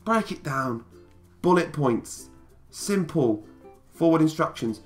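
A man's voice: fairly high pitch, lively intonation, slow pace, faint music behind. A man talking straight to camera in a casual vlog, emphatic and repeating phrases to drive his point home. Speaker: YouTuber.

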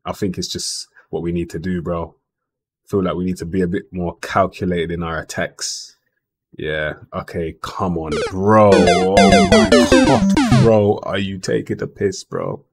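Young man, low-pitched, slangy game commentary full of exasperated rants. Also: normal speed, slightly rough, faint music behind. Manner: animated slangy rants, frustrated outbursts. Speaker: gaming YouTuber. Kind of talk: football manager game commentary.

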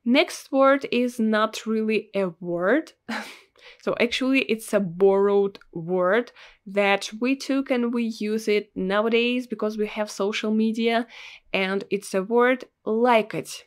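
Russian-accented female tutor, young adult, unhurried, patient repeater. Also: on the high side. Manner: patient, repeats each word slowly. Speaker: language teacher. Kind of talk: slow, clear language lesson.

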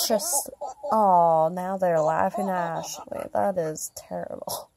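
A woman's voice: mid-range voice, lively intonation, a little slow, creaky, crowd noise. A woman giving casual, rambling gameplay commentary, chatty with light self-mocking asides. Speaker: gameplay vlogger.

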